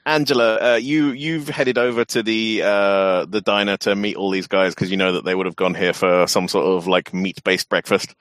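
A man's voice: lowish voice, level tone, moderate pace, few pauses, fairly bright tone, no echo. A man narrating as game master in an online tabletop game, chatty and often laughing and restarting.

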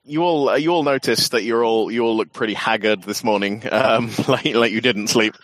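A man runs a tabletop horror game over a call, chatty and quick to laugh, often restarting his sentences. His voice sits at an ordinary pitch, recorded close and dry. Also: fairly bright tone, no echo. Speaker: game master.

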